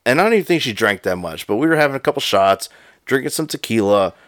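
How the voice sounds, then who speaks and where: A man co-hosting a podcast, telling a story in casual, profane, animated chat. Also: mid-range voice, quick pace, dry recording, studio quality. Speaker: podcast co-host.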